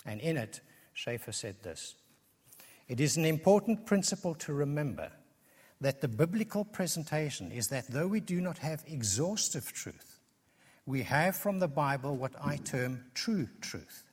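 A man's voice: on the high side, big pitch swings, a little slow, husky. A man preaching an earnest expository sermon, building his points through emphatic repetition. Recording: long reverb of a large hall.

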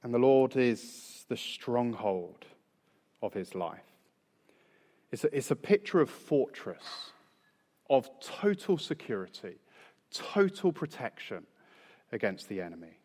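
A man preaching a sermon in a measured, emphatic way, slowing down to stress key phrases. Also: medium pitch, sing-song, a little mellow. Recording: long reverb in a large hall.

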